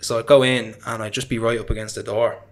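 With a mid-range voice, a level tone and a quick pace, a young Irish-accented man guests on an interview and tells his story. He rambles chattily, leaning on fillers and self-deprecating laughter in this casual conversational telling.

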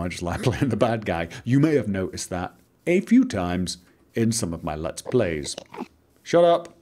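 Commentating his own video game playthrough, this Mancunian man from Manchester, England rambles theatrically with exclaiming inflections as a Let's Play host. His voice sits on the low side and is a little mellow.

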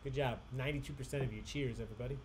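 A man's voice: medium pitch, steady tone, very fast, very noisy. A man hosting a live online trivia game, chatty and upbeat, reading each question twice with emphasis. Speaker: trivia host.

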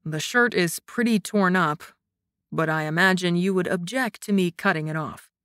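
Woman lowering her voice for Kai, a teasing young warrior. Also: normal speed, fairly bright tone, dry recording, clean studio sound, natural voice. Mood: calm. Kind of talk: audiobook narration.

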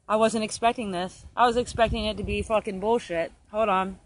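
A woman's voice: medium pitch, fairly even intonation, fairly quick, hardly any pauses. A woman livestreaming from her phone outdoors while tending beehives. She swears freely and swings between stress and delight. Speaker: beekeeper livestreaming her hives. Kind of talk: casual livestream. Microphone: phone held while working.

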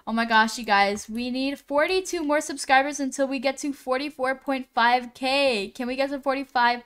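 A woman live-streaming a game, reading names from the chat and greeting viewers one by one, often pausing on how to say them. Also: high-pitched, a bit bright, clear, resonant tone. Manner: slow, unhurried delivery with frequent "um"s.

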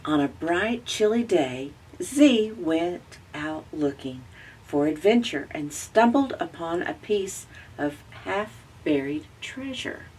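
A woman with a Southern American accent reading a children's picture book aloud, gently and slowly, lifting her voice for the characters. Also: fairly low pitch, lively intonation, far from the mic, slight background noise. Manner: gentle, slow storytelling with raised voices for characters.

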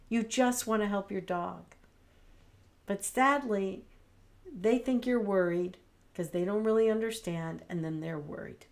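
A middle-aged woman, a dog trainer, giving friendly, conversational advice straight to the camera. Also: medium pitch. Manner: friendly, conversational, acts out soothing phrases. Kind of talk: direct-to-camera advice talk.

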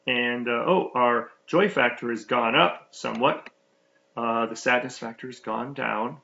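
A man with a gravelly, bright, sharp-edged voice talks through a software demo in a loose, casual way. He thinks out loud, filling pauses with many ums and uhs and restarting his sentences. The recording sounds slightly muffled and lo-fi. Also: mid-range voice, a little hiss or hum. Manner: rambling, thinking aloud with many fillers. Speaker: software developer giving a demo.

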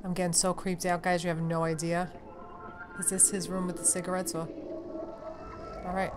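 A woman giving casual commentary on a horror game she is playing at home, excitable and talking straight to her viewers with plenty of swearing. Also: fairly low pitch, moderate pace, noisy background. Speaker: let's play gamer. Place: home room. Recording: game music behind voice.

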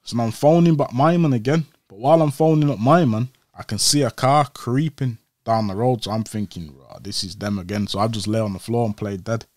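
Young man, guest on a podcast, animated retelling with put-on voices, dry room. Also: mid-range voice, brisk, few pauses, dry recording. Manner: animated, acts out quoted voices. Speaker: interview guest. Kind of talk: casual storytelling.

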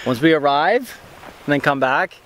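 Young guy vlogging a hike, kinda high voice, joking around, wind and noise behind. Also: animated, measured pace, a bit bright. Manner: upbeat, joking, laughs a lot. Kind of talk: casual hiking vlog. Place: outdoors on a hiking trail.

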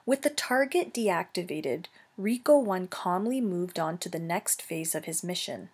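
A woman teacher reading a children's novel aloud, slow and careful, correcting herself now and then. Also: lowish voice, animated, darkish tone, husky.

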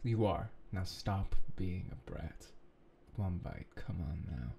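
A man voicing a stern, protective young man who is firm and teasing, and who talks slowly and commandingly. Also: sits low, lively intonation, creaky, warm tone, slight background noise, exaggerated voice.

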